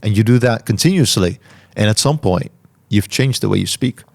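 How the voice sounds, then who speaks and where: A man hosting a podcast, answering listener questions in a calm, reflective way and articulating each word carefully. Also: on the low side, normal speed, vocal fry. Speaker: podcast host. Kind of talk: solo Q&A talk.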